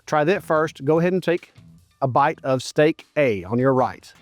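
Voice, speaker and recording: A man's voice: a little high, expressive, normal speed, faint music behind. A middle-aged man hosting a barbecue cooking show outdoors at a grill, chatting enthusiastically and straight to his viewers as he tastes. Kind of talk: casual cooking and tasting commentary.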